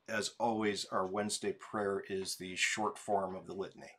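A man leading morning prayer, reading liturgy and prayers in a measured, steady recitation. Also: sits low, slight background noise. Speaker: prayer leader.

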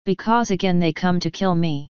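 A frantic young refugee cook, as a woman reader puts her on, pouring out her words in broken English. The voice is clear and dry, and the recording sounds a little dull and lo-fi. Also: on the low side, darkish tone, dry recording, close to an everyday voice. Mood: agitated. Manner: agitated, broken English, rapid outbursts.

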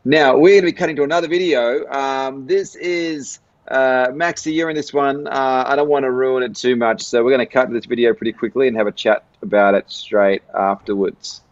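A man's voice: mid-range voice, steady tone, normal speed, no echo. Host: Australian man, easygoing, reads fan messages, dry and slightly muffled sound. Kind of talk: live stream chat, reading viewer comments.

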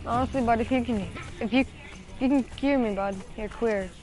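High woman's voice, teasing streamer in gaming chat, faint music under. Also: moderate pace, a little mellow, rough recording. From Canada. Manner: teasing, trash-talking.

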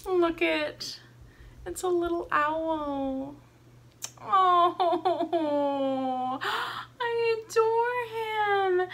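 Young woman, high lively voice, gasps and gushes over each find, unhurried. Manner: gushing, gasping, exclaiming delight at each item. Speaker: vlogger unboxing a subscription box. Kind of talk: excited unboxing chat.

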